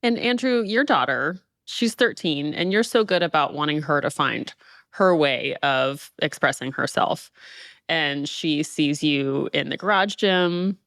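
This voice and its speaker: A woman co-hosting a podcast, asking questions in a warm, encouraging way. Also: low-pitched, a little slow, dry recording, clean studio sound. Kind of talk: casual interview conversation.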